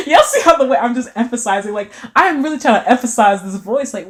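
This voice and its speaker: A woman's voice: sits high, brisk. Bubbly young woman chatting on a livestream. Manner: animated, playful, lots of filler "like", sudden squeals. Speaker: livestream host reading chat. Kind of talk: casual livestream chat.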